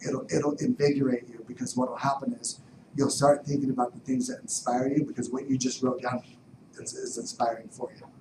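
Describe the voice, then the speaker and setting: Animated man telling stories, echoey and distant. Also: mid-range voice, fairly quick, noisy background. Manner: animated, drops to whispers then bursts loud. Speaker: motivational speaker. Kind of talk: motivational storytelling talk. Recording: roomy distant mic with background ambience.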